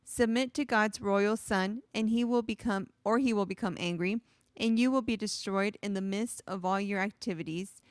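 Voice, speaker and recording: Woman, scripture reader, smooth clear voice, reads aloud with projection, dry sound. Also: mid-range voice, fairly even intonation, normal speed, dry recording. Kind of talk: reading scripture aloud in a discussion.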